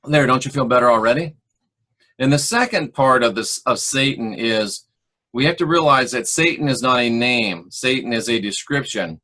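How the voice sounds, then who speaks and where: Emphatic preacher-like man, bright voice. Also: medium pitch, lively intonation. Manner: emphatic, drawn-out preacher delivery. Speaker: host and former minister. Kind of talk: monologue teaching.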